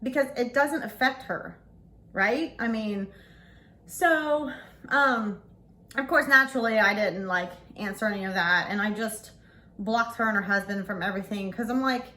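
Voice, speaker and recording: A woman in her forties telling a story to camera in a casual vlog, blunt and animated, swearing freely. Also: mid-range voice, moderate pace. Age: 40s. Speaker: vlogger.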